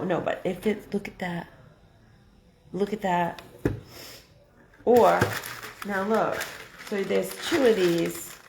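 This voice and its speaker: A woman hosting a casual live craft stream, chatty and excitable, thinking out loud as she works. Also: mid-range voice, vocal fry, roomy sound, noisy background. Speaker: craft livestream host.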